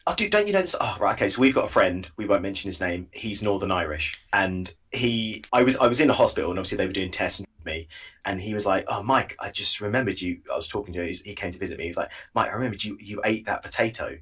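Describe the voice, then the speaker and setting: A young man co-hosting a podcast, telling stories in animated, casual chat and laughing at his own mishaps. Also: low voice, quick pace, slightly rough, distant mic. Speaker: podcast co-host.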